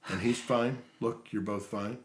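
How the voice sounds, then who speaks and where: Middle-aged man presenter, very low voice, calm and reassuring, echoey room. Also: unhurried. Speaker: workshop presenter. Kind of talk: role-play demonstration.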